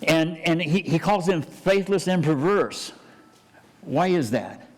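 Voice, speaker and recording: A man's voice: fairly high pitch, lively intonation, slow pace. A man, a pastor, preaching a conversational sermon with frequent restarts and asides. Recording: church hall reverb.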